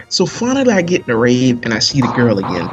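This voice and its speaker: A man telling a long story in casual chat during a live game stream, animated and full of slang. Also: mid-range voice, fairly quick, muffled recording, over music. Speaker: stream commentator.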